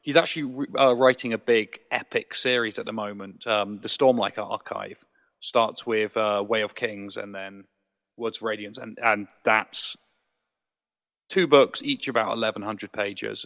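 A man co-hosting a podcast, explaining an author's work in a measured, casual way. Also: fairly low pitch, steady tone, fairly bright tone, long reverb tail. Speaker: podcast co-host. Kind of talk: casual book discussion.

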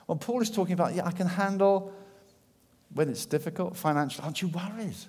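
A man preaching a sermon, acting out quoted voices and moving between loud appeals and hushed asides. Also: sits high, a little fast, long reverb tail, slight background noise.

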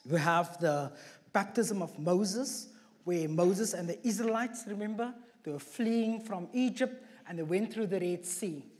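Here a man with a high voice, talking a little slowly, preaches as a guest in an echoey church hall. Listeners notice his non-local accent, and his sermon weaves scripture together with jokey asides at his own expense.

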